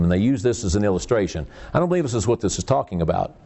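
A man's voice: mid-range voice, sing-song, fast, dark tone. A man preaching a sermon, telling the story in a folksy way with frequent restarts and repeated words.

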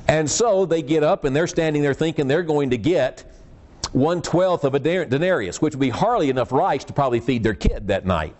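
A man's voice: fairly high pitch, expressive, a little fast, darkish tone. A man preaching a sermon, telling the story in a folksy way with frequent restarts and repeated words.

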